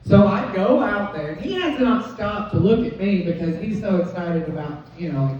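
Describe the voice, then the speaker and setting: A woman comedian, telling a stand-up story in an animated way and acting out the quoted voices. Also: medium pitch, normal speed, crowd noise. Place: comedy club stage. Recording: dull, distant, echoey club recording.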